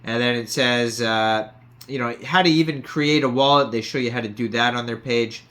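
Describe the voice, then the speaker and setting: A man with a medium-pitched, fairly bright voice narrates a casual crypto video at a moderate pace, walking through web pages on screen. He reads out figures, often filling gaps with "uh."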